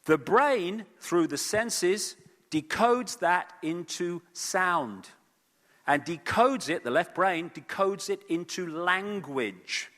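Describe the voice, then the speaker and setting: A man giving an animated lecture to a live audience at an event, with frequent fillers and repeated words. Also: high voice, takes it slowly, in a large hall. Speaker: speaker at an event. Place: event hall.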